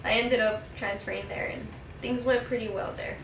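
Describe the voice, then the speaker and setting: A woman's voice: fairly high pitch, moderate pace, slight background noise. Young woman telling wild family stories, laughing a lot, echoey room, mic kinda far. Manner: animated, laughing storyteller. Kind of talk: casual storytelling chat.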